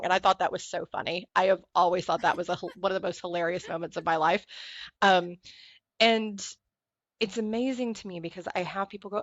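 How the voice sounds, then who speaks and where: A woman appears as a guest on a podcast, animatedly telling stories in a conversational interview and acting out other people's voices when quoting them. She speaks quickly in a mid-range voice. The recording has no echo but sounds muffled.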